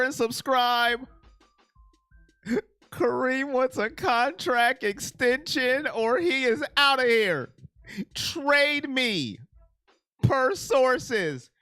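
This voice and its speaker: A man's voice: extremely high pitch, sharp tone, clean tone, no room sound. A man hosting a casual sports livestream, talking in an emotional, rambling way and thanking donors by name. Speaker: sports channel host.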